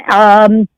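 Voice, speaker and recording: A woman's voice: mid-range voice, clean tone, no echo. A woman calling into a radio show, chatty and confiding as she shares her views. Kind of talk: call-in commentary.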